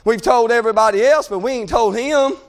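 A male preacher with a strikingly high-pitched voice delivers a fervent sermon. He swings from shouted calls to quiet, hushed readings of scripture. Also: a little fast.

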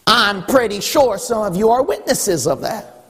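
Man, pastor, sermon, emphatic, teasing, high husky voice, long reverb. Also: lively intonation, unhurried, fairly bright tone. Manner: preaching with rising emphasis, teasing the congregation.

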